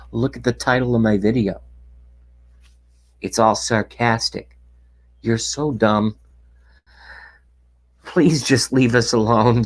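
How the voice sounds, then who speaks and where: A man with a low, husky voice hosts a loose live-streamed rant into a webcam mic. He chats with viewers between bursts of sarcasm and swearing, and sometimes drops to a whisper. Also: poor audio. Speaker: livestream host. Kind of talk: casual ranting live chat.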